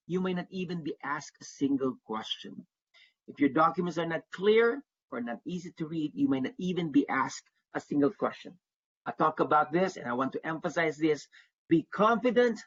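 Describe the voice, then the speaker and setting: A man's voice: on the high side, fairly bright tone, slightly rough. A man presenting an online workshop as an advisor to international students, speaking earnestly and repeating his key points for emphasis. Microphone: video call. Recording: dull lo-fi webinar audio.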